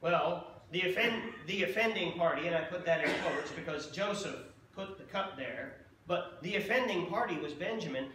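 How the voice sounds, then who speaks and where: A man with a high, bright voice preaches a conversational sermon and keeps checking in with his listeners. He is recorded from a distance in a very echoey church, with faint room noise behind him. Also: normal speed, hardly any pauses. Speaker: pastor. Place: church sanctuary.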